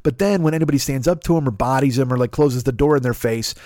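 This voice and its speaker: A man's voice: mid-range voice, quick pace, darkish tone, no echo, studio quality. A man hosting a podcast, delivering an angry, profane comedic rant and mocking the people he talks about. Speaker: podcast host.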